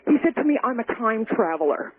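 Female caller, excited and hurried, heard over a tinny phone line with faint hiss. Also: on the high side. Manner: excited, rushed, talks over the host. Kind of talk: call-in radio storytelling. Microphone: telephone.

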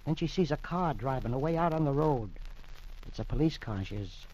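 A man's voice: mid-range voice, animated, fairly quick, dark tone, no room sound, highs cut off. Folksy man reading the funnies on old radio. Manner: folksy, chatty, acts out voices. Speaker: radio host reading the comics. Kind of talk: 1940s radio comics reading.

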